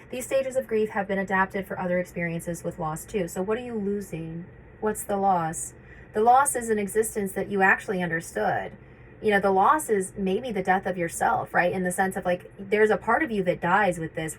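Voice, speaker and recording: Woman, casual reflective vlog talk, mid-pitched voice, faint background hiss, halting with fillers. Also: poor audio. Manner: conversational, reflective, frequent fillers and restarts. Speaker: vlogger sharing personal experience.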